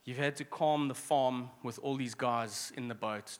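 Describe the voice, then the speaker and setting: A man preaching a sermon as pastor, conversational with quick asides and restarts. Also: medium pitch, in a large hall.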